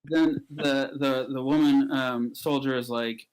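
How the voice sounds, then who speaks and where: A man improvising a comic story, jumping into high, squeaky character voices as he narrates. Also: steady tone, measured pace, hardly any pauses, rough recording.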